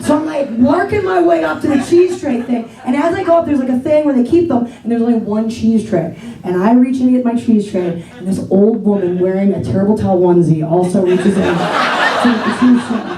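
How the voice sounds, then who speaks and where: A woman comic from the Pittsburgh area with a high, mellow voice tells chatty, self-deprecating stories. The sound is roomy and comes from some distance off, as if taped in a comedy theater. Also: brisk. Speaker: stand-up comedian. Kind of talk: stand-up comedy set.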